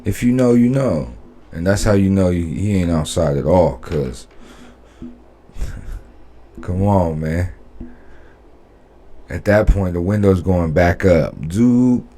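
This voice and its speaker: A man's voice: low-pitched, takes it slowly, pauses often, dark tone. A man hosting a reaction video, giving laid-back, opinionated commentary and repeating his points. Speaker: reaction channel host.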